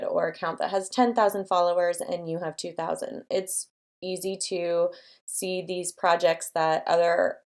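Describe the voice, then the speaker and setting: A young adult woman hosting her own channel, giving encouraging, chatty business advice to camera with many fillers. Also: on the low side. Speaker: design studio owner and channel host.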